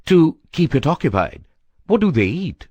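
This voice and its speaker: A woman's voice: low voice, big pitch swings, normal speed, darkish tone, husky, no room sound, lo-fi sound, heavily acted. A woman reading a storybook, voicing a nervous, fussy young man who talks in an irritable, shaky way.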